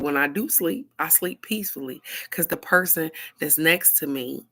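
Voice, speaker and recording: A woman hosting a casual talk, telling stories animatedly and speaking straight to her viewers with frank, casual swearing. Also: deep voice. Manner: animated storytelling, addresses viewers directly. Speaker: host of a card-of-the-day talk. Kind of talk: casual chat.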